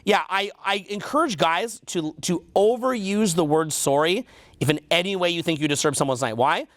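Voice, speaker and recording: A man's voice: high voice, moderate pace, a bit bright, no room sound. A man with a Canadian accent teaching a seminar, quizzing the audience and repeating their answers back. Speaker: dating coach.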